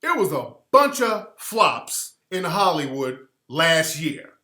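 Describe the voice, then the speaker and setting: Blunt, profane radio host, bright echoey voice. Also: male voice, on the high side, takes it slowly. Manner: blunt, profane and animated, mimics others in quoted voices. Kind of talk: opinionated radio commentary.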